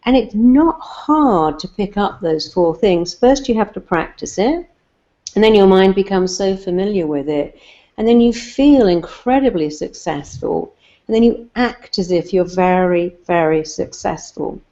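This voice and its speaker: A woman's voice: medium pitch, expressive, measured pace, mellow, lo-fi sound. A middle-aged English woman, a therapist, giving earnest, emphatic advice through anecdotes and repeating her key phrases. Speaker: therapist guest. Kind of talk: advice and anecdotes in a talk show.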